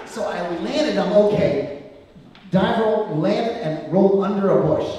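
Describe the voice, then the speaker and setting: Guy doing standup, lively pitch swings, bit high, echoey hall far from the mic, crowd audible. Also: takes it slowly. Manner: animated anecdote telling, many fillers. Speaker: stand-up comedian. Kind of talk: stand-up comedy storytelling. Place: comedy club stage.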